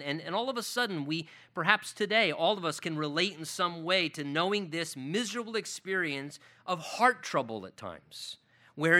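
A man delivers a sermon in a high, ringing voice with a very bright, forceful edge. He preaches earnestly, leaning hard on key words and climbing to emphatic peaks. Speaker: pastor.

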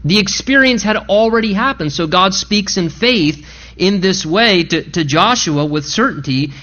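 A man preaching a sermon in an earnest, emphatic way, slowing down to read scripture and rising on his key points. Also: high-pitched, lively intonation, bright, forceful tone. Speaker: pastor. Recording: dull lo-fi recording.

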